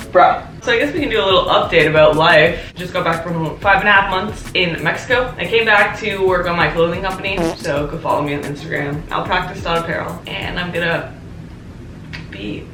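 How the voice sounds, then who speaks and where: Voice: medium pitch, a little fast, bright, forceful tone. A young adult vlogger talking casually to camera, nervous and rambling, with lots of swearing. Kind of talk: casual vlog monologue. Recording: roomy echo, faint music.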